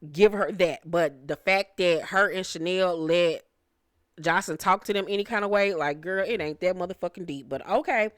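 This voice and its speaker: A woman's voice: fairly low pitch, normal speed, fairly bright tone, dry recording, clean studio sound. A woman giving a casual recap review of a reality show, brash and profane, laughing often.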